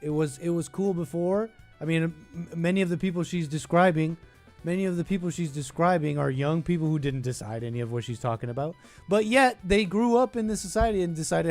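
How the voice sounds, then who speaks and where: A man hosting a call-in podcast comments on a clip, sarcastic and animated. His voice sits a bit high. Faint music plays behind him. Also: brisk. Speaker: podcast host.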